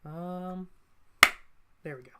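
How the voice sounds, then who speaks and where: Casual streamer at a desk mic, mid-pitched and chatty, loose delivery with frequent ums and quick laughs. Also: very noisy. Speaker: live streamer. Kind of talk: casual live-stream chat. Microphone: desk mic at a computer.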